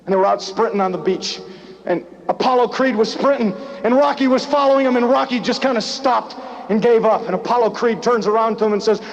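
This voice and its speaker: A man with a high voice preaches motivation to a crowd, hammering short, repeated lines and rising to shouts. The recording is a dull, lo-fi live tape with a faint hiss in the background. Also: brisk. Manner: preaching, repetitive, punchy, builds to shouts. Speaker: motivational business speaker. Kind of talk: motivational rally speech with storytelling.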